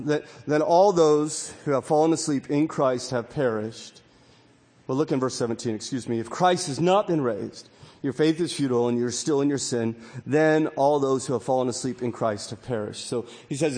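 Preacher, male, fervent Easter sermon delivery, mid-high voice, echoing sanctuary sound. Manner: dynamic preaching, swinging from hushed to loud and drawn-out. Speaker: pastor.

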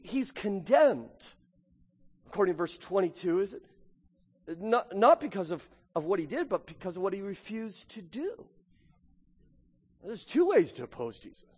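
Male pastor, high voice, fervent sermon delivery, long hall reverb. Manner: impassioned, rising to emphatic peaks, acts out quoted excuses. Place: church sanctuary.

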